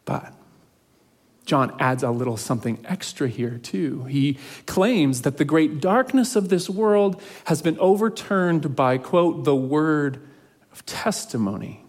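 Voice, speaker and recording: A man preaching a sermon in an earnest, measured way, slowing down to stress key phrases. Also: on the high side, lively intonation. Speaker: pastor.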